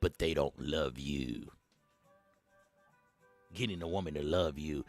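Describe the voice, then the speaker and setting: Animated streetwise man preaching dating game. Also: extremely low pitch, a little slow, pauses often, faint music behind. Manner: streetwise slang, preachy and rambling; animated, chuckles between points. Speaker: host. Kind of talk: satirical dating advice monologue.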